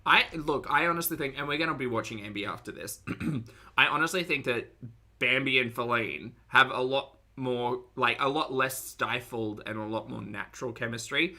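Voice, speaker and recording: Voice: mid-range voice, moderate pace, sharp tone. A streamer giving blunt, sarcastic live commentary to chat and swearing freely. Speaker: streamer reacting to videos.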